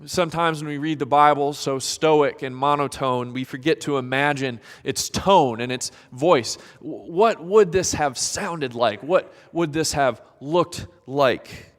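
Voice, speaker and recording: A male pastor preaching a sermon, dramatic and expressive, sometimes acting out the voices of people in the story. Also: fairly high pitch, measured pace, few pauses, big-room sound.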